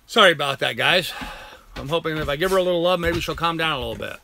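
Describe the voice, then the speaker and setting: A man's voice: fairly high pitch, fast talker, creaky, background noise. An older man hosting a casual live chat from home. He rambles, thanks viewers by name and coos at his dog. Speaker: live-stream host.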